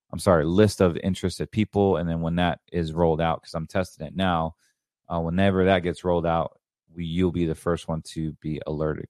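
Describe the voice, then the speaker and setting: A man's voice: sits low, a little mellow, no echo, clean studio sound. A middle-aged man hosting a podcast, talking in a rambling, enthusiastic way. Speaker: podcast host. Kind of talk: casual solo podcast monologue.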